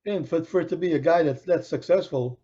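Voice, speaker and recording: A man's voice: on the high side, brisk, breathy edge. A middle-aged man and podcast co-host telling a long anecdote in casual chat, acting out the voices of the people in it. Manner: animated storyteller acting out quoted voices, with frequent restarts. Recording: dull lo-fi podcast recording.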